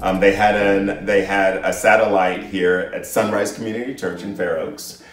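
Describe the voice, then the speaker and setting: Middle-aged man, low voice, earnest and reflective storyteller; recorded off-mic in an echoey room. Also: level tone, moderate pace, recorded from a distance. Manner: earnest and reflective, with frequent restarts. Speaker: guest, the host's father. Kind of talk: personal story in casual conversation. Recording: echoey room, voice off-mic, faint music behind.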